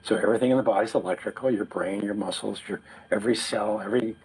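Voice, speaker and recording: A man with a lowish voice explains a technical idea in a patient, lecturing manner as an interview guest. A faint hum of ambience sits behind him. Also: fairly even intonation, fast talker, darkish tone, low-quality recording.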